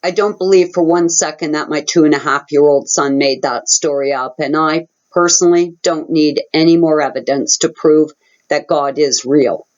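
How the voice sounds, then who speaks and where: A woman's voice: low-pitched, steady tone, moderate pace, darkish tone. A woman hosting her own channel, telling a personal story in an earnest, dramatic way. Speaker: channel host. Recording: muffled lo-fi audio.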